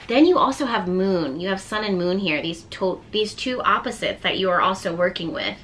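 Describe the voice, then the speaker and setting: Bright-voiced woman giving a tarot reading. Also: mid-range voice, lively intonation, moderate pace, slight background noise. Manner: gentle, encouraging, reads card texts aloud. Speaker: tarot reader.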